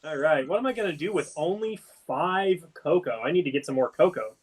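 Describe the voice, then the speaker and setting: A man's voice: a little high, animated, brisk, breathy edge. Chatty, joking man on a game stream. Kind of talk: casual game-stream chat.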